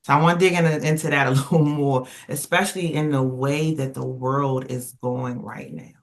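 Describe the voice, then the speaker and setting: A woman speaking on a casual podcast roundtable, emphatic and animated, circling back and restarting as she tells stories. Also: extremely low pitch, normal speed. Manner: emphatic, animated storyteller who rambles and restarts. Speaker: roundtable panelist.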